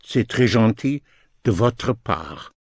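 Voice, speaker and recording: A man teaching French phrases as a language lesson, speaking slowly and deliberately, repeating each phrase in English and French. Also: on the low side, lively intonation, creaky, husky, dry recording.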